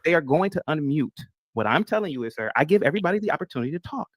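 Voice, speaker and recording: A man's voice: on the high side, lively intonation, racing, no room sound. A man hosting a live-stream panel, challenging a guest and repeating his demands. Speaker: show host. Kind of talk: heated live-stream debate.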